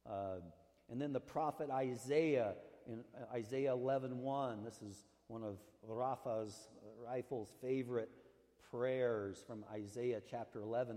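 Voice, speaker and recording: A man's voice: medium pitch, unhurried, dark tone, big-room sound. A man preaching as a pastor, earnest and conversational, leaning hard on key words and drawing them out, with casual fillers and asides. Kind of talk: sermon.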